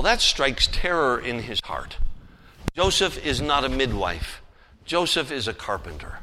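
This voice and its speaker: A man preaching a sermon, telling a story with animated swings between loud emphasis and hushed asides. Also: mid-range voice. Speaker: pastor. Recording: long hall reverb.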